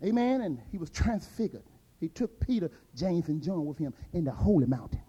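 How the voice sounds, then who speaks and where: An older man preaching a fervent sermon, dropping to quiet asides and rising to shouted peaks. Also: on the high side, sing-song, a little fast, breathy edge, lo-fi sound.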